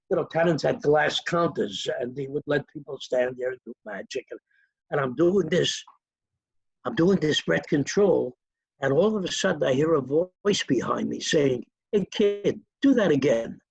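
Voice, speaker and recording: A man's voice: on the high side, normal speed, gravelly, breathy edge, no echo, muffled recording. An older man, a magician being interviewed, telling stories from his past and acting out the people in them. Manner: animated, acts out quoted voices. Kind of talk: anecdotal storytelling.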